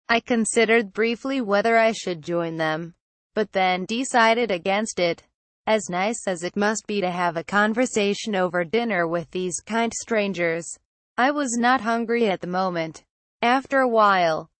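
A woman narrating a first-person horror story in a calm, measured storytelling voice. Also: mid-range voice, no room sound.

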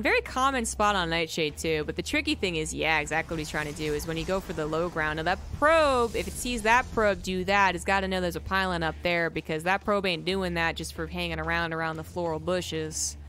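A man's voice: high-pitched, pushed and bright, a little hiss or hum. A young Canadian man with a General American accent, casting a strategy game live and trading sarcastic jokes with his chat. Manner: joking, sarcastic asides to chat. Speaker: esports caster. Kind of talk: live game commentary, chatting with viewers.

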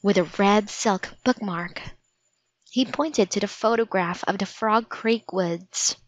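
A woman reads a children's storybook aloud in a gentle, measured way, taking her time with every sentence. Her voice sits at an ordinary middle pitch. The recording is close and dry, with a slightly dull, muffled top end. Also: no echo. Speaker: narrator.

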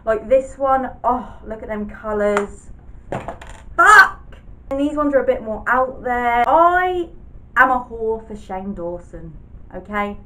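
A woman's voice: a little high, lively intonation, measured pace, slight background noise, poor audio. A young woman chatting casually to camera as a vlogger, swearing often and poking fun at herself. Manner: chatty, sweary, self-mocking.

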